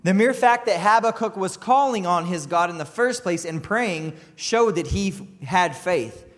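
Impassioned preacher in a reverberant hall. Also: male voice, high voice, expressive, moderate pace. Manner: impassioned, rising to loud cries, with asides and chuckles. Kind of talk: sermon.

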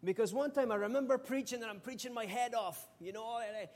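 A middle-aged Scottish man from Scotland, preaching a sermon with animated, humorous storytelling. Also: very high voice, fairly quick. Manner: animated, humorous storytelling with sudden loud outbursts. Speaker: pastor.

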